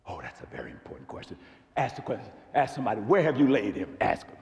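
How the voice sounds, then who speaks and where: A middle-aged man preaching a sermon in a large church hall, swinging between shouts and near-whispers. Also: fairly low pitch, wildly swooping pitch, fast, vocal fry. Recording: long hall reverb.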